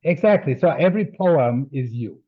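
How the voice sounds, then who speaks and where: A man's voice: mid-range voice, animated, moderate pace, husky. A man hosting an interview, stumbling and repeating words as he praises his guest over a video call. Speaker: interviewer host. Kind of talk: casual interview chat. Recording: dull lo-fi video call audio.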